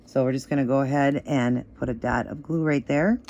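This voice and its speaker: Woman, slightly crackly hoarse voice, casual step-by-step tutorial, chatty easygoing instructions. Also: rumbling low, fairly even intonation, brisk, a little mellow, dull audio. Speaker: nail art vlogger.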